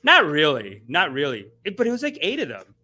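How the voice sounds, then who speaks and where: A man's voice: sits high, huge pitch swings, quick pace, pushed and bright, faint music behind. A young man hosting a satirical spiritual-guru livestream, mock-preachy and playful, reading chat comments and mimicking people. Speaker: comedy guru host.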